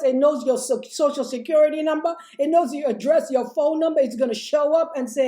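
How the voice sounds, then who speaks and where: A woman coach streaming live from a home setup, high-pitched yet mellow, preaching self-worth with fire and calling her viewers "honey." Her slightly strained voice rings out in a roomy, echoey space. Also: brisk, few pauses. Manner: fiery, preachy, calls listeners "my loves" and "honey"; chants and sings short refrains. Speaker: life coach. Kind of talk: motivational livestream talk. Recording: roomy echo.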